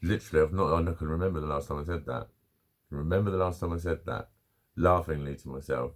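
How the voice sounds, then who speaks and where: A man's voice: very deep voice, fairly even intonation, fast. A middle-aged man, chatting casually to camera at home, swearing freely and laughing at his own stories. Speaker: vlogger.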